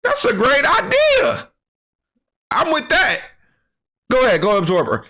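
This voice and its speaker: A man voicing a cocky, reckless male warrior prince in a high, mocking, exaggerated voice. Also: wildly swooping pitch, measured pace, bright, forceful tone, heavily acted. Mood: smug.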